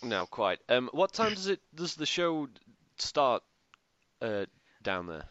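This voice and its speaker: A man's voice: mid-range voice, big pitch swings, slow pace, fairly bright tone, no room sound, highs cut off. A man hosting a podcast, talking in a chatty, rambling way. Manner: chatty, rambling, upbeat plugs. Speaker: podcast host. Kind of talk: casual podcast chat.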